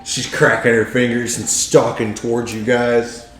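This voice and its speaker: A man's voice: mid-range voice, level tone, unhurried, fairly bright tone. A man running a tabletop game as game master, explaining rules in a casual way. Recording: echoey room with faint music.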